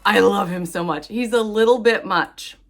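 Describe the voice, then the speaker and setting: A woman book vlogger chatting casually about her reading, giggling and gushing with excitement, often squealing. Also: medium pitch, normal speed, faint music behind. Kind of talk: casual vlog chat.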